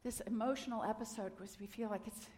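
A woman's voice: fairly high pitch, fast. Woman preaching in a reverberant hall. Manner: gentle, earnest, dips into soft near-whispers. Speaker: minister. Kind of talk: sermon.

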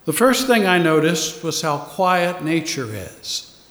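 Slow, soft-spoken man in an echoey hall. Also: a little high, lively intonation. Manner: slow, soft and unhurried, with long pauses. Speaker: spiritual teacher. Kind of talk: meditative sermon with chanting. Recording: echoey hall with long reverb.

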